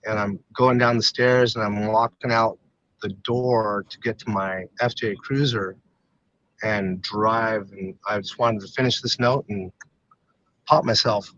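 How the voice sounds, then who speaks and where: A man's voice: lowish voice, fairly even intonation, a little slow, fairly bright tone, lo-fi sound. A man, a retired fighter, talking candidly as a podcast guest, stopping and restarting often with many fillers. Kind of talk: candid personal storytelling.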